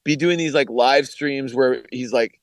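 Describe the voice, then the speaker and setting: A man's voice: mid-range voice, unhurried, no room sound. A man in casual chat, laid-back and joking with friends.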